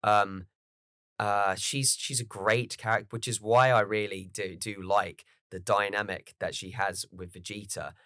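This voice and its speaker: A man hosting a podcast, chatting casually and excitedly as a fan, swearing freely. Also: fairly low pitch, measured pace, no room sound, studio quality. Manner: animated, swearing, fan enthusiasm. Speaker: podcast host. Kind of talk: casual chat.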